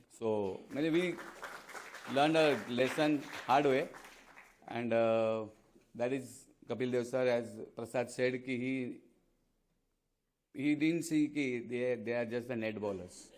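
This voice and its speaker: A man in his fifties from India, a guest speaker and former fast bowler, giving a speech at a club event with earnest, anecdotal storytelling and frequent fillers. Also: medium pitch, a little mellow. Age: 50s.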